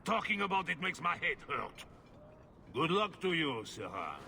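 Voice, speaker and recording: An actor playing a brooding, defensive husband whose wife has run off, grumbling and sighing. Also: male voice, on the high side, big pitch swings, moderate pace, vocal fry, bright, forceful tone, slight background noise, exaggerated voice. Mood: weary.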